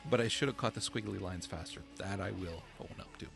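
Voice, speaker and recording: A man's voice: low voice, brisk, creaky, a bit bright, soft background music. A man co-hosting a podcast in casual chat, giggly and self-mocking, short on sleep and laughing to tears. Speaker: podcast co-host.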